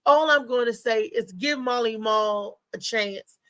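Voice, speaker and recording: A woman's voice: a little high, steady tone, unhurried, pushed and bright, no echo, low-quality recording. A woman hosting a live show, chatting loosely and talking straight to her viewers. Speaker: host. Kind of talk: casual live show chat.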